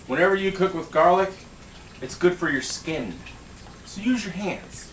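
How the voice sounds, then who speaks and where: A man's voice: sits high, expressive, normal speed, lo-fi sound, a little hiss or hum. A man giving a casual cooking demo in his home kitchen, joking around and swearing freely. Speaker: home cook. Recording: echoey room, mic at a distance.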